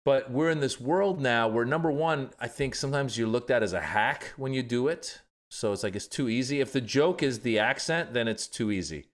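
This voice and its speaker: A man's voice: mid-range voice, lively intonation, moderate pace, few pauses. A middle-aged man, a comedian from Iran, talking through ideas in a podcast interview, acting out the voices of the people he quotes. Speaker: comedian guest.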